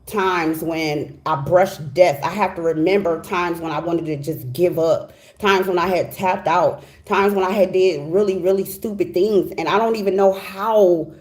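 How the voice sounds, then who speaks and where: In a fairly low, darkish voice, this middle-aged woman moves at a measured pace with few pauses through a casual tarot reading. Her manner is heartfelt, emphatic and chatty, peppered with "okay?" and "you know what I'm saying."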